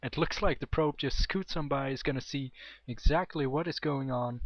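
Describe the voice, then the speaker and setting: A man's voice: medium pitch, moderate pace, no room sound. Young guy casting a game match, rambly and chatty, keeps fixing his words, muffled lo-fi mic. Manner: chatty, self-correcting, rambling asides. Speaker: game commentator. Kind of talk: amateur esports commentary. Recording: dull, dry home mic.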